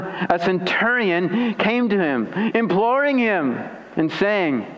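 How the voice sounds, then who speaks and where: A male pastor preaching an expository sermon, swinging between raised emphasis and hushed, pleading tones. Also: sing-song, moderate pace, hardly any pauses, muffled recording, slight background noise. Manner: expository preaching with dramatized quotes, pitch swinging high and low. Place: church sanctuary.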